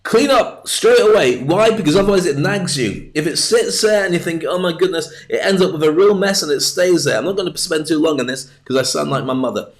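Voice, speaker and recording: A motivational speaker talks straight to his online audience in a chatty, joking way. His voice sits a little high for a man, and he slips in self-mocking asides as he goes through his tips. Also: fairly quick, few pauses. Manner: chatty, jokey, self-deprecating, with lively asides. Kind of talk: livestreamed solo talk.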